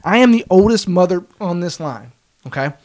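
Animated young man telling a story. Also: high voice, normal speed. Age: 20s. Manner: animated, acts out quotes, swears casually. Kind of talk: casual storytelling.

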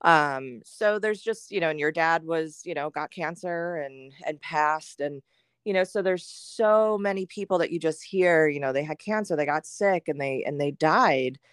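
A woman's voice: low voice, moderate pace, clear, resonant tone, dry recording, clean studio sound. A middle-aged woman talking candidly as a podcast guest, full of fillers and acting out her own thoughts. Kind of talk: candid conversational chat.

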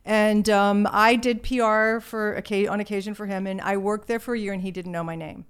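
A woman guest and author in a casual interview, telling her stories in an animated way and acting out the quotes. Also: medium pitch, fairly quick, smooth. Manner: animated storyteller, acts out quotes.

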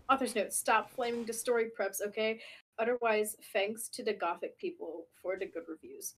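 A young woman co-hosting a casual podcast, reading fanfiction aloud in a laid-back, deadpan way with quick asides. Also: mid-range voice. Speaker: podcast co-host.

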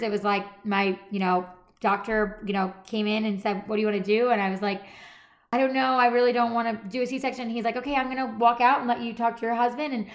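A woman in her thirties hosting a podcast, chatting casually and animatedly and acting out the people she quotes. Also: on the high side. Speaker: podcast host. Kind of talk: casual chat.

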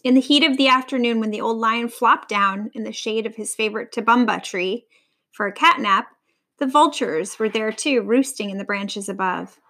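A woman reading a storybook aloud to a child, in an expressive, lively way. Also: fairly high pitch, normal speed.

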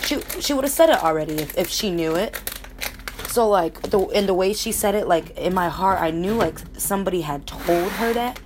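A woman's voice: on the low side, expressive, moderate pace, noisy background. A young woman from Connecticut telling a personal story in a casual, rambling way, candid and emotional, swearing freely. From Connecticut, USA. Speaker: vlogger.

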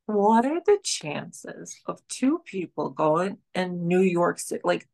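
A woman's voice: fairly low pitch, big pitch swings, slow, creaky, darkish tone. A woman, a podcast guest chatting casually and rambling with lots of fillers. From country of Georgia. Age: late 20s. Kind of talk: casual chat.

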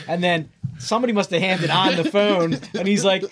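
A man's voice: high voice, fairly quick, fairly bright tone, a little hiss or hum. A man co-hosting a casual chat, telling stories with a wry, joking manner. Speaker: podcast co-host.

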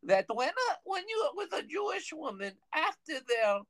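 Man playing a lecturing old rabbi, raised pitch, lively and swooping, dry close sound. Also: moderate pace, no echo, heavily acted. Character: blunt older male Orthodox rabbi.

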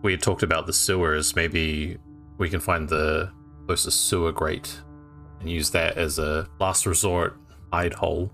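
A man's voice: sits low, level tone, a little slow, a bit bright, faint music behind. A man playing a tabletop game, making practical plans and jokes. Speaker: player. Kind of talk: casual tabletop play.

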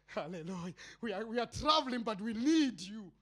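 A man with a South African accent preaching a sermon as a pastor, swinging between shouted cries and low murmured asides. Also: a little fast.

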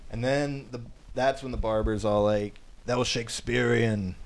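Dude rambling thru a movie plot on a podcast, cusses a lot, middle voice, bit of hiss behind. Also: male voice, mid-range voice, steady tone, moderate pace. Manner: rambling, swears freely, acts out quotes. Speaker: podcast co-host. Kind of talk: casual movie recap.

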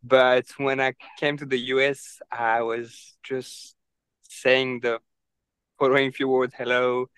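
A young man from France with a French accent, telling stories with animated energy as a podcast guest. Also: medium pitch, slow, clear, resonant tone, no echo, poor audio. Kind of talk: casual interview chat.

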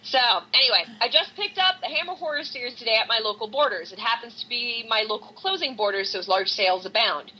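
A woman's voice: on the high side, quick pace, few pauses, pushed and bright, a little hiss or hum, low-quality recording. A woman co-hosting a horror film podcast, chatting casually, laughing often and reading listener emails aloud. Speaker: podcast co-host.

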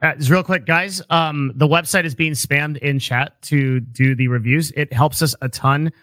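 A man co-hosting a podcast who makes quick, upbeat asides and laughs often. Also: fairly high pitch, fairly even intonation, a bit bright, no echo. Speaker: podcast co-host. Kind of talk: casual podcast chat.

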